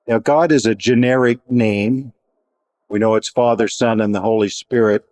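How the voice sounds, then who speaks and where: A man teaching a Bible study in a measured, reflective way, pausing and restarting as he explains. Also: medium pitch, fairly even intonation, darkish tone, no echo.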